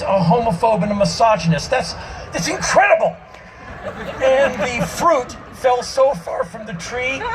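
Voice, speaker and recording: A man giving an emphatic spoken-word monologue to a live audience on an outdoor festival stage, his delivery breaking into shouts. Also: high voice, very noisy.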